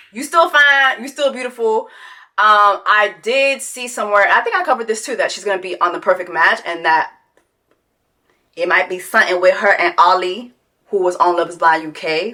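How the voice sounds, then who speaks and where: A woman rants through a reality TV recap. Her voice sits high and sounds bright and sharp. She is sassy and profane and mocks her subject with sung quacking. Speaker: commentary host. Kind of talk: reality TV reaction commentary.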